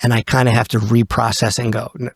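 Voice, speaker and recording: A man's voice: mid-range voice, level tone, quick pace, breathy edge, no room sound, clean studio sound. A man in his fifties, a podcast guest, telling a story bluntly and candidly, swearing freely and acting out what people said. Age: 50s.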